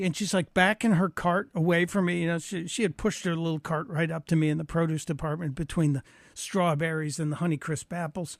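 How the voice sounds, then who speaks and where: A man's voice: a little high, fairly quick, no room sound, clean studio sound. Chatty man hosting talk radio. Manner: chatty, joking anecdotal storyteller. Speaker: fill-in radio talk show host. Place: radio studio. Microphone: studio microphone.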